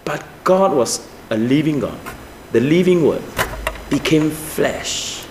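Animated preacher in an echoey room. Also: male voice, fairly high pitch, unhurried, noisy background. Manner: animated preaching with rhetorical questions, non-native grammar. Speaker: pastor. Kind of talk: sermon.

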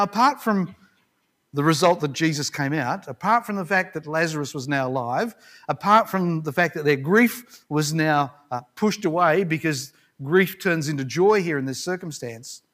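A man preaching a sermon with a slightly higher voice than most men. He talks in a conversational, reflective way and retells a scripture story with the odd restart. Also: a bit bright.

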